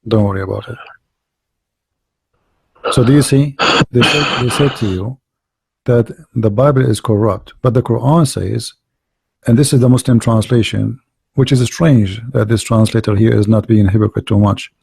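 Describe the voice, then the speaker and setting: A man's voice: fairly low pitch, moderate pace, creaky, pauses often, darkish tone, breathy edge, dry recording. A man hosting a casual online debate call, hesitant and repeating words, turning confrontational about his opponents.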